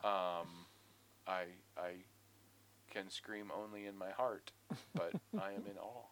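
Animated, profane man with a bright voice. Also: sits low, takes it slowly, clean tone. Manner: animated, profane, ranting with mock outrage. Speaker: podcast co-host. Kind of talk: casual chat.

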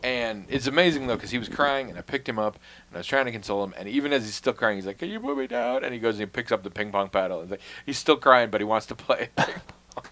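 A man with a fairly low voice chats casually, telling stories in a wry, self-deprecating way. He swears freely and drops to a mutter on his asides. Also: quick pace, bright, forceful tone. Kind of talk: casual storytelling chat.

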